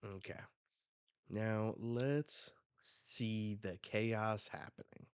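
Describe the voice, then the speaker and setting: A man reacting on a live stream as he reads a manga, talking casually and excitedly into a close desk mic. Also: fairly low pitch, very slow, clean tone, no room sound.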